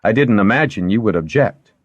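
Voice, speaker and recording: A man reading aloud and voicing a placid, dryly wry older lord who speaks in a calm, measured way. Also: on the low side, no echo, highs cut off, voice pushed up.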